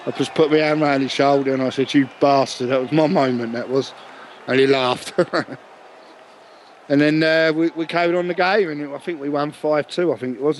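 A man's voice: a little high, a little hiss or hum, rough recording. Rambling man telling a story. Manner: rambling, chuckling storyteller with many restarts. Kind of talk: casual anecdote.

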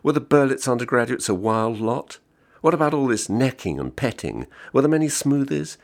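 A man's voice: medium pitch, expressive, normal speed, gravelly, voice pushed up. A man reading the part of a bored, sardonically joking American man of thirty-five. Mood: wry. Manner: wry, teasing, mock-jovial.

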